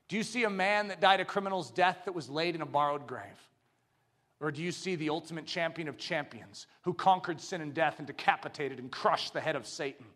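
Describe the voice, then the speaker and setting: A man preaching a sermon, swinging from quiet, probing questions to drawn-out shouted proclamation. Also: on the high side.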